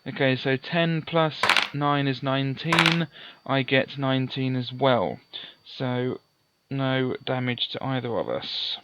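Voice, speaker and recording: A man playing through a gamebook, reading its passages aloud and calmly working out dice sums with mild self-deprecating asides. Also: mid-range voice, slow pace, muffled recording, a little hiss or hum. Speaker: let's play host. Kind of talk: gamebook playthrough with read-aloud narration.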